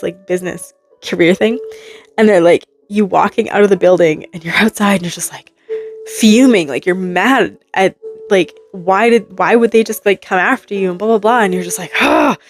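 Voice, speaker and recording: A woman's voice: mid-range voice, brisk, soft background music. Rambling woman giving a casual tarot reading. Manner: rambling, animated, full of hypothetical quotes. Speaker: tarot reader.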